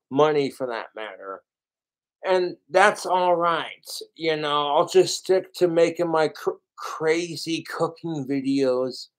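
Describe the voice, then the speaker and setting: A middle-aged man streaming live, rambling slowly and swearing a lot as he talks about his fans and cooking. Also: fairly high pitch. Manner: slow, profane, rambling. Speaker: livestreamer. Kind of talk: rambling livestream monologue.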